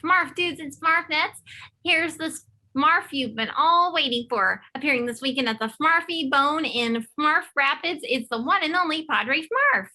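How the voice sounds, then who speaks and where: A woman's voice: high voice, unhurried, sharp tone, full character voice. A woman playing a sassy female Smurf co-host who delivers dry, teasing put-downs in a comedy sketch. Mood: announcing.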